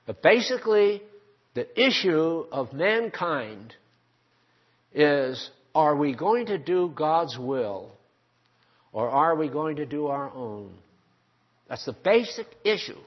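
An older male preacher delivers a sermon with a husky, slightly raised voice. He presses his points with rhetorical questions to the congregation. The recording sounds dull and lo-fi. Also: fairly high pitch, big pitch swings, slow, long pauses.

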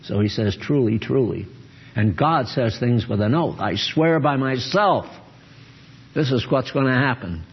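Slow, husky male preacher with a lively pitch on a dull lo-fi recording, quizzing his congregation mid-sermon. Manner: questions his listeners often. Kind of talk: sermon-style Bible teaching.

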